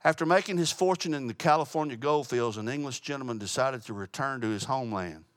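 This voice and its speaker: A man's voice: medium pitch, quick pace, dry recording, clean studio sound. A man teaching a Bible study, telling a story and closing in prayer, earnest and plain-spoken with small restarts. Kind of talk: sermon with storytelling.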